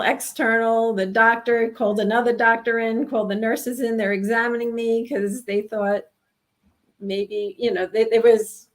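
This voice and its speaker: A woman in her sixties from New York, telling a personal story in an interview, earnest and halting with frequent restarts. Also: a little high. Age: 60s. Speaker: guest telling her experience.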